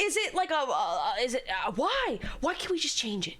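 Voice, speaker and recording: A woman's voice: high-pitched, big pitch swings, normal speed, few pauses, fairly bright tone. A young woman streamer reacting live, ranting bluntly and profanely with exasperation. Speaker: streamer reacting to a game show. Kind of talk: livestream reaction rant.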